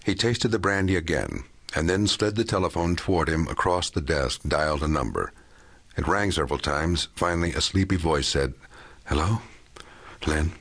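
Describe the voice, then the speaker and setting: A man narrating a crime audiobook in a measured, even storytelling manner. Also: sits low. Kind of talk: scripted narration.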